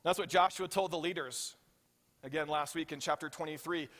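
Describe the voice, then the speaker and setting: A man preaching a sermon as pastor, telling the story with animated voices for the characters and often checking in with the congregation. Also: a little high, a little fast. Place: church hall. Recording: reverberant hall.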